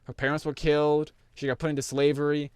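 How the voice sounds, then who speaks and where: Rambling young man, smooth and dry. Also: a little high, completely flat delivery, fast, a little mellow, no echo. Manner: rambling, lots of fillers and restarts. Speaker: anime reviewer. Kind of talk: casual rambling review over gameplay.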